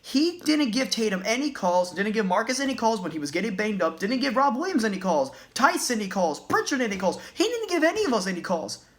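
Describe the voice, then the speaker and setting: A man's voice: high-pitched, big pitch swings, fairly quick, hardly any pauses. A man ranting as a basketball fan in a vlog, agitated, profane and repeating himself. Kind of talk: sports rant vlog.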